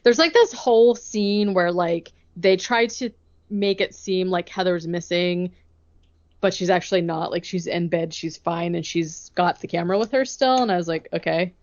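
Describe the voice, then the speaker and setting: A woman co-hosting a podcast, recapping a movie plot in a casual, chatty way and acting out the characters' lines in quick bursts. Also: on the low side, lo-fi sound. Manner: chatty, retells scenes with quick acted-out quotes. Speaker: podcast co-host.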